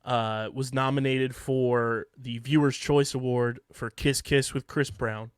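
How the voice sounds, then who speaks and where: A man co-hosting a casual sports and music podcast, reeling off facts in a steady list. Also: mid-range voice, measured pace, smooth, dry recording, studio quality. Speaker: podcast co-host.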